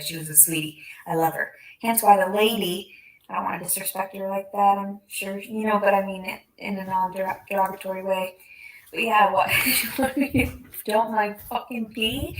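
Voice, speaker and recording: A woman rambling in a late-night video diary at home, profane and unfiltered, swinging between loud rants and soft mutters. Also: mid-range voice, poor audio. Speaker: vlogger.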